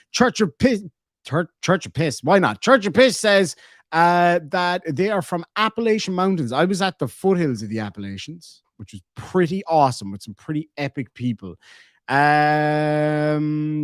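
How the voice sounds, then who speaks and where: A man's voice: on the high side, no echo, clean studio sound. An Irish man in his thirties hosting a live stream, joking and reading out viewer comments in casual chat. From Ireland. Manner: jokey, reads viewer comments aloud.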